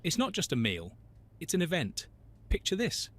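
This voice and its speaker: A man's voice: a little high, wildly swooping pitch, normal speed. A man reading scripted, witty narration for a list video. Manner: crisp, witty listicle delivery.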